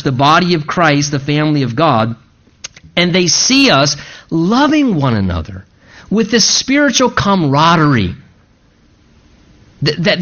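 A man's voice: high-pitched, fairly bright tone. Man preaching a sermon, lo-fi sound. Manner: preaching with emphatic repetition and quoted asides. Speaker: pastor.

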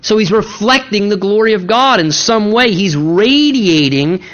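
Male pastor, slightly high voice, casual and emphatic preaching, muffled lo-fi sound. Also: lively intonation, unhurried, fairly bright tone. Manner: conversational, emphatic, repeats key words. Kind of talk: sermon.

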